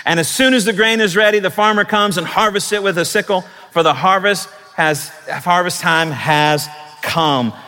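High, bright-voiced preacher in a hall. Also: male voice, soft background music. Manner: preaching with rising, emphatic, drawn-out declarations and dropping to soft asides. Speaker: pastor. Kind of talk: sermon.

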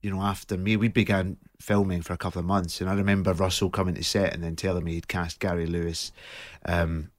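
A man's voice: low-pitched, level tone, fast, dry recording. A man with a Glaswegian Scottish accent, a guest actor on a studio radio interview, telling stories in a chatty way with fillers. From Scotland, Glasgow. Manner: chatty storytelling with laughs and fillers.

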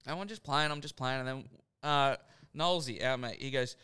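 A man's voice: fairly high pitch, steady tone, brisk, sharp tone, clean tone. A young Australian man co-hosting a podcast, telling stories in casual chat, laughing often and swearing freely. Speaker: podcast co-host.

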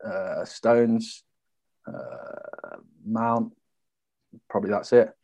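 A young man co-hosting a podcast, chatting easily about football. His voice sits a little low. He talks loosely, with fillers and mild swearing. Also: expressive, very slow, vocal fry, darkish tone. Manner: easygoing, chatty banter. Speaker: podcast co-host. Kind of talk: casual chat.

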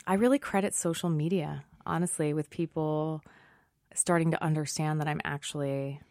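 A stage actress in her thirties talks through an interview with easy, self-deprecating humor. Her woman's voice sits low and the sound is dry and close, with no room around it. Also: steady tone, a little mellow, no echo. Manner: chatty, self-deprecating, quick to laugh. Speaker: Broadway actress guest. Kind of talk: casual interview chat.

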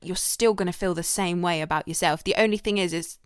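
Podcast co-host, young woman, smooth tone, close dry sound, frank and chatty. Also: fairly low pitch, steady tone, quick pace, hardly any pauses, dry recording. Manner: candid, chatty, fillers like "like". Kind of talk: casual podcast chat.

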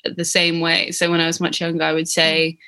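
Soft-spoken young British woman. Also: sits low, monotone, fairly quick, clear, resonant tone. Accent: British English. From England. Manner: hesitant, many restarts and fillers. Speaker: interviewee. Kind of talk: casual reflective chat.

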